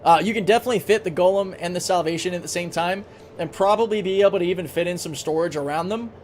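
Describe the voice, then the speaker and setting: A man's voice: high voice, fast, darkish tone, slight background noise. A man live-streaming a game, chatting casually, thinking aloud and answering chat, with a recurring cough.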